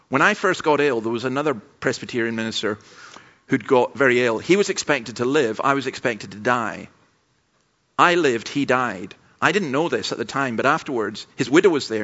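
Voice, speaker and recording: A man's voice: mid-range voice, fairly bright tone, dull audio. A man pastor delivering a sermon with humorous, anecdotal storytelling.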